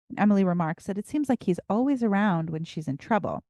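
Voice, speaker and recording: A woman co-hosting a podcast, recapping episodes in casual chat with frequent laughs and animated storytelling. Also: mid-range voice, fast, no echo, studio quality. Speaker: podcast co-host.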